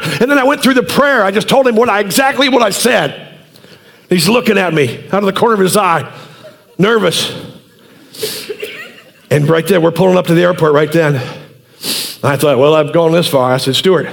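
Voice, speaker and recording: A man in his sixties, a pastor telling a story in a sermon in an animated, earnest way. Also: very high-pitched, gravelly.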